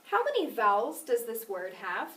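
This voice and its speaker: A woman teaching a phonics lesson, patient and clear, stressing syllables carefully and encouraging her student. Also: on the high side, sing-song, moderate pace, fairly bright tone, distant mic. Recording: echoey room, voice from off mic.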